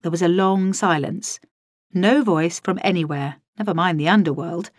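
A woman's voice: on the low side, normal speed, dry recording. A woman narrating a first-person audiobook in a dry, wry storytelling manner.

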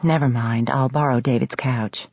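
A stubborn, prim young woman with clipped, indignant replies, as a woman reader plays her, husky and low. The sound is close and dry with dull highs. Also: steady tone, moderate pace, a little mellow, no echo, exaggerated voice. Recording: slightly muffled audio.

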